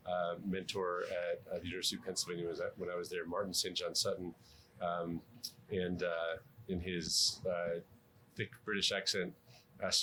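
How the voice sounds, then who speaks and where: Deep-voiced doctor, halting interview answers. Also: male voice, pushed and bright, a little hiss or hum. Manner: measured, frequent ums and restarts. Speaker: interviewed cardiologist.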